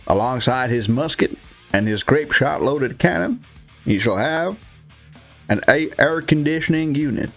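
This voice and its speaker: A man's voice: medium pitch, expressive, unhurried, creaky, fairly bright tone, soft background music, voice pushed up, heavily acted. A man voicing a pompous old-time American statesman delivering a grand proclamation in a raised, declamatory voice. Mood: grandiose.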